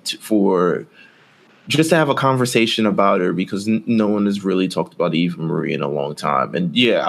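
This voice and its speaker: A man's voice: fairly low pitch, creaky. A man co-hosting a wrestling podcast, giving emphatic opinions in casual chat and repeating himself for effect. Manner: emphatic, repetitive, animated opinions. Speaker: podcast co-host.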